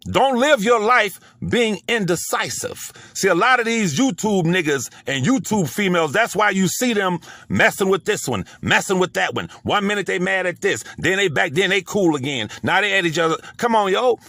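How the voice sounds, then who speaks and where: A middle-aged man with a Southern US accent delivers heated, preachy commentary in a gravelly voice. He talks slowly and emphatically, his pitch swinging widely. The sound is dry and close. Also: a bit bright, dry recording. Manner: emphatic, preachy, repeats words.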